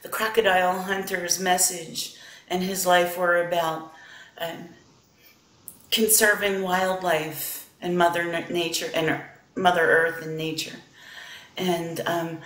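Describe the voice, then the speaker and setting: Slow-speaking woman, echoey room. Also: on the low side, a bit bright. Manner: slow, halting, many fillers. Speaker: host and psychic medium. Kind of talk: casual talk show chat.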